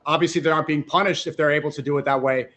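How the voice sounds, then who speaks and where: A man's voice: fairly high pitch, fairly even intonation, very fast, a bit bright, lo-fi sound. A man arguing in a heated live debate, insistent, stumbling and repeating words as he pushes on.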